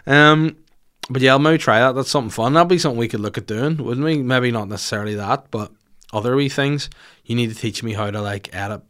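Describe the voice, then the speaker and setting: A man's voice: medium pitch, a little fast, fairly bright tone. A man in his thirties with a Northern Irish accent, hosting a podcast with a sweary, rambling, self-mocking comic rant. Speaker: podcast host.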